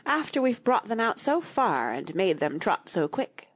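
A woman voicing a smug, gluttonous old walrus in a storybook, with a sing-song, overly sweet manner and a breathy tone. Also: mid-range voice, sing-song, a little slow. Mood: sweetly sly.

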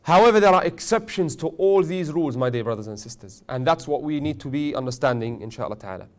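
A man teaching a tajweed class, questioning his students often and joking gently. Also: fairly high pitch, animated, quick pace. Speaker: Quran recitation teacher.

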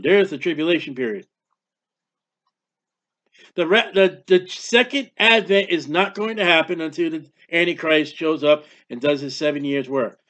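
A man preaching a sermon, animated and emphatic, reading scripture aloud. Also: fairly high pitch, moderate pace. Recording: dull lo-fi sound.

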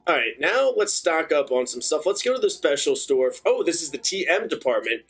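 Excitable young man playing a game. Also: a little high, brisk, husky, soft background music. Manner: excitable, chatty, bursts into cheers. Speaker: gaming channel host. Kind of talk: let's play commentary.

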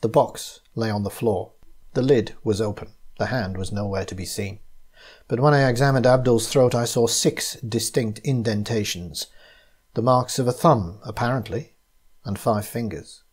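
A man reading his own detective story in first person, in a measured, even narration. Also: medium pitch, husky. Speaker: narrator and author.

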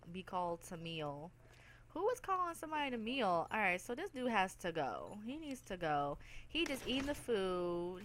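A woman's voice: mid-range voice, fairly bright tone, slight background noise. A woman hosting a let's play, giving playful, chatty, teasing commentary over game chatter. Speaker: gaming channel host.

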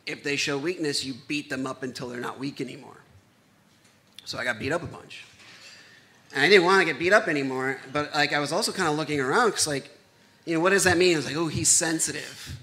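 A man's voice: fairly high pitch, sharp tone. A man in his thirties telling a true personal story live on stage, candid and conversational with self-deprecating humor.

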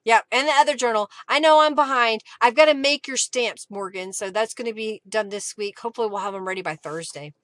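With a higher, somewhat bright voice, this craft livestream host talks a little fast with few pauses, and there's no echo. She chats casually, laughs often, and reads viewers' comments out loud.

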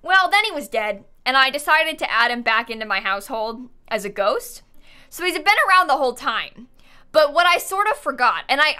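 A woman's voice: on the high side, sharp tone. A young woman streaming a life-sim game, chatting casually and playfully, often laughing and scolding her game characters. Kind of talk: casual live-stream chat. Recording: faint background game music.

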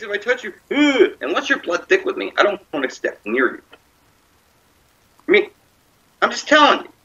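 A man's voice: high-pitched, bright, forceful tone. A man in an angry, profane, scornful rant, heard from a distance on a muffled recording. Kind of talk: ranting monologue.

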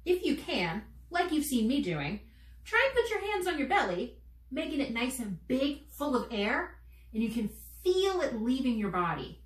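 A young woman, a children's theater teaching artist, leading kids through warm-up games in a slow, encouraging, playful way. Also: sits high, very animated, roomy sound, far from the mic.

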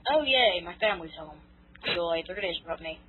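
A teenage American girl drops deadpan, teasing remarks in a casual chat. Her slightly husky voice sounds tinny and thin, as if over a voice call. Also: on the low side, fast. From United States. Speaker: guest.

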